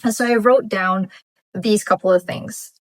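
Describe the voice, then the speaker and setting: A woman's voice: medium pitch, steady tone, measured pace, no room sound, low-quality recording. A woman vlogger reflecting on her Bible reading in casual commentary, thinking aloud with fillers and restarts. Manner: thoughtful, musing, frequent fillers and restarts.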